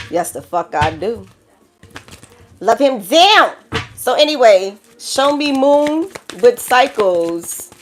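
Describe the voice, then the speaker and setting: Her mid-range voice comes through a noisy background as this New York-accented tarot reader from the Bronx gives a collective reading. Blunt, profane, and laughing throughout, she preaches at viewers and calls them child and baby.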